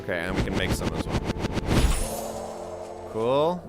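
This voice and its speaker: A man's voice: sits low, big pitch swings, unhurried, pauses often, music in the background. A man hosting a let's play, chatting casually and explaining his choices as he plays. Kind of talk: casual game commentary.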